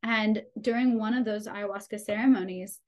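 A young adult woman, a podcast guest, telling a personal birth story with animated delivery, often laughing and acting out dialogue. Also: mid-range voice, normal speed.

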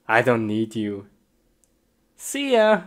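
A woman performing a comedy skit in an excitable way, often exclaiming and laughing, on a noisy recording. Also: very deep voice, drawn-out words.

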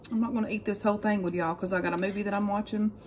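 A woman's voice: medium pitch, very fast, a little hiss or hum. Chatty woman vlogging. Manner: chatty, relaxed, says "y'all". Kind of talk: casual cook-with-me chat.

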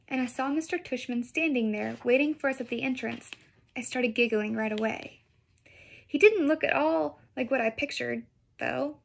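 A woman teacher reading a children's book aloud in an expressive storytelling manner. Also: sits high, gravelly.

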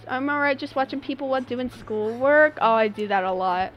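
A woman's voice: high voice, brisk, highs cut off, faint music behind. A woman in her twenties chatting casually and slangily as she streams a game. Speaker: live streamer. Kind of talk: casual chat while gaming on stream.

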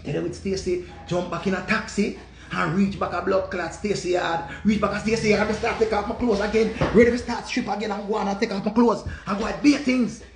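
A high-voiced man with a Jamaican accent tells a story as a dramatic, repetitive rant full of curses. His voice has a gravelly, rough edge. The recording is echoey and roomy. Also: fairly even intonation, fairly quick, music in the background. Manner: repetitive, profane, dramatic retelling. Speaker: vlogger.

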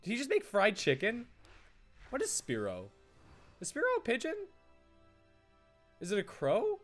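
Excitable, animated young-sounding man gaming. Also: sits high, unhurried, soft background music. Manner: excitable, rambling, stammering restarts. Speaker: gaming YouTuber. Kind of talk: casual let's-play commentary.

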